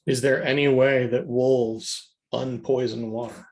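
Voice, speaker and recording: A man's voice: mid-range voice, steady tone, a little slow. A man playing in a tabletop game, talking hesitantly and searching for words as he decides his actions. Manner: hesitant, full of fillers and restarts. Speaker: player.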